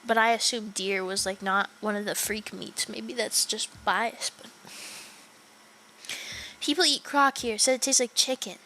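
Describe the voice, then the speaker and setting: A woman's voice: a little high, fairly even intonation, unhurried, pushed and bright, slight background noise, rough recording. A young woman livestreaming a game, chatting casually with her viewers, giggling often and swearing offhandedly. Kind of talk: casual gaming livestream chat.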